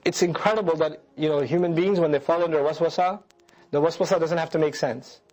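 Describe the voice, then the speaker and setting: In a low-quality recording, a man with a slightly high, darkish voice speaks at a quick pace as a Quran lecturer. He recites scripture verses, translates them, and puts rhetorical questions to his audience in this religious lecture.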